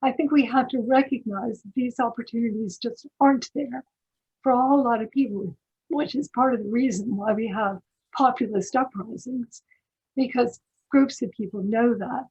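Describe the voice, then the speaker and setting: A woman's voice: fairly high pitch, normal speed, a little mellow, slightly rough, lo-fi sound. An older American woman speaking as a panel guest in a discussion, thoughtful and emphatic, often restarting her sentences. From United States. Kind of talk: conversational discussion.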